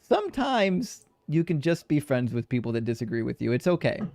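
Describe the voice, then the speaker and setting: A man's voice: medium pitch, very animated, a little fast, creaky, a little mellow, no echo, studio quality. A man hosting a live debate stream, chatting casually and reading viewer messages aloud while calling the audience friends.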